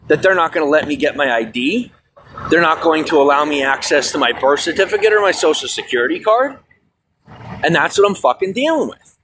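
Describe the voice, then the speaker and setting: A stressed, fired-up man venting on a livestream, swearing often and swinging from loud outbursts to low mutters. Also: lively intonation, brisk, a little hiss or hum. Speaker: livestream host. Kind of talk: angry livestream rant. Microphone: phone.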